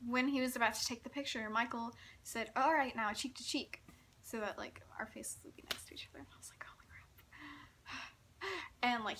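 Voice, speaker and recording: Young woman vlogger, giggly and gushing, fairly high, bright voice, faint background hum. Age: young adult. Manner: giggly, breathless, gushing, lots of "like". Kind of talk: excited personal storytelling.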